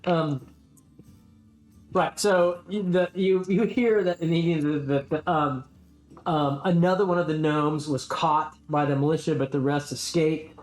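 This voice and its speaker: A man's voice: fairly high pitch, fairly even intonation, unhurried, reverberant, faint music behind. A man narrating as game master of a tabletop game, hesitant, with many ums and restarts.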